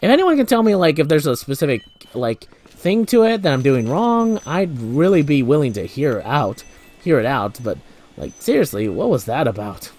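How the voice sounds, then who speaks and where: A young man gives loose, joking commentary while he plays a video game, trailing off into fillers and restarts. His pitch bounces lively up and down, and quiet game music plays behind him. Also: moderate pace. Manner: rambling, joking, many fillers. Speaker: gameplay commentator. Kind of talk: casual let's play commentary.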